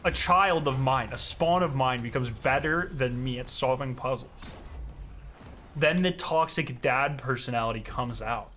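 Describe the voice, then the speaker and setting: A young man chatting casually on a gaming stream, ranting and swearing with animated energy. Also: mid-range voice, measured pace, slight background noise.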